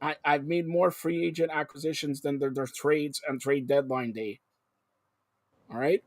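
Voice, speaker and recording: A male host on a live sports talk show, excitable and jumping between topics with loud outbursts. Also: a little high, normal speed, no room sound, clean studio sound.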